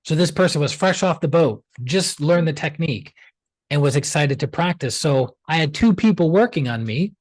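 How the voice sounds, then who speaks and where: A pranic healer appears as a podcast guest, telling a story in a conversational interview with a fairly high voice at normal speed. The recording is dry, and he's chatty and animated, acting out quoted dialogue and using "like" a lot.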